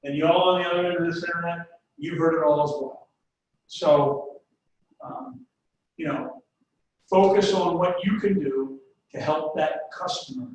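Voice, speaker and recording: Sales trainer, male, higher-pitched voice, folksy storyteller, recorded from a distance in an echoey room. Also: unhurried, darkish tone, highs cut off. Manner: folksy, anecdote-driven, talks straight to the audience. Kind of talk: webinar sales presentation. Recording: echoey room, distant mic, faint noise.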